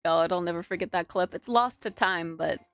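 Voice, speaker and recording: Giggling and chatting away on a casual live stream, a woman in her twenties fills her talk with lots of "like." She speaks fairly quickly in a lowish voice.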